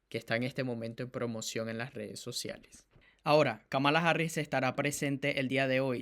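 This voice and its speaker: A man's voice: mid-range voice, fairly bright tone. A man hosting an online news channel, addressing viewers directly with emphatic commentary.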